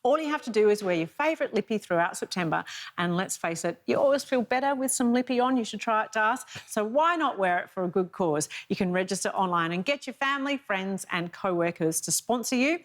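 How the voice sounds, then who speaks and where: A woman's voice: medium pitch, lively intonation, brisk. An Australian woman co-hosting a TV lifestyle show in chatty, light banter, laughing easily. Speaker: TV co-host.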